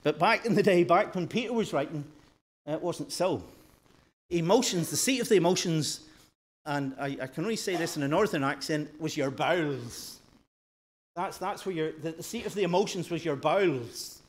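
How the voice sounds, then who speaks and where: A man preaching a sermon in a church, rising loud for emphasis and dropping soft and slow. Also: fairly high pitch. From northern Ireland.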